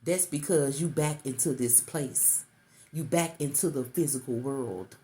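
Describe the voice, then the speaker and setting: Low-voiced woman giving a tarot reading. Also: measured pace, dark tone. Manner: repetitive, coaxing, calls listener baby. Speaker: tarot reader. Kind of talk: intuitive tarot reading to the viewer.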